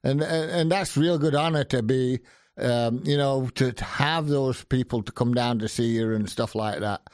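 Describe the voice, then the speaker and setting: A man hosting a casual interview, enthusiastic and quick to praise his guest. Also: mid-range voice, a little mellow, dry recording, studio quality.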